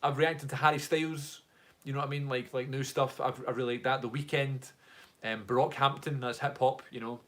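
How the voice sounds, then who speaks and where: A man's voice: medium pitch, steady tone, moderate pace, fairly bright tone. A young man with a Glaswegian Scottish accent, chatting casually on a live stream and reading out viewer comments in a rambling way, full of fillers. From Scotland, Glasgow. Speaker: music reaction streamer.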